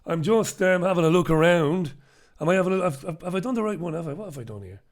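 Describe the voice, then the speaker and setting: A man's voice: high voice, lively intonation, fast. A middle-aged man hosting a casual live stream from a home studio, chatty and self-mocking. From Ireland. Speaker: host.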